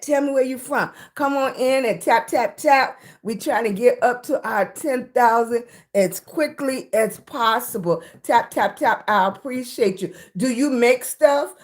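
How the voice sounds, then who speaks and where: A middle-aged woman hosting a casual livestream from her room, chatting and greeting viewers by name, often calling them baby. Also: a little high. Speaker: livestream host.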